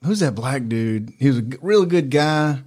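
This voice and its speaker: A man's voice: mid-range voice, animated, moderate pace, darkish tone. A man chiming in casually with blunt, profane remarks. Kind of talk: casual chat. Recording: distant from the mic.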